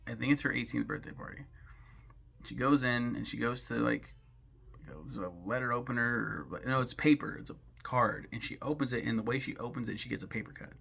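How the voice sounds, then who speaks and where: A man with a gravelly, fry-laced edge to a bright, forceful tone, talking through a film in a loose, rambling way. He is sarcastic and swears freely, and he stops and restarts his thoughts as he goes. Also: medium pitch, fairly even intonation, a little fast. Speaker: film commentary host. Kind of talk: casual film recap and commentary.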